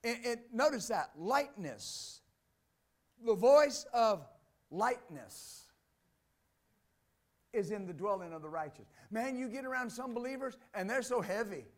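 Very high-voiced exuberant male preacher. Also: lively intonation, a little slow, long pauses. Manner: exuberant preaching, swinging between loud declarations and quiet asides; laughs between points. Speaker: pastor. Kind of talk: sermon.

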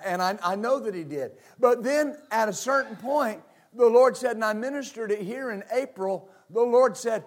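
A man pastor preaching to a congregation, with halting restarts, asking them for responses and adding frequent amens. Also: sits high, expressive. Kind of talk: sermon. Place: church service with congregation.

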